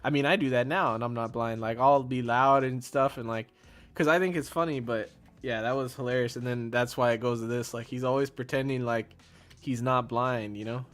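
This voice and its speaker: A man's voice: mid-range voice, steady tone, fairly quick, faint music behind. A man co-reviewing a comedy film in casual chat, laughing and acting out the lines. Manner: laughing, acts out movie lines. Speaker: guest co-reviewer.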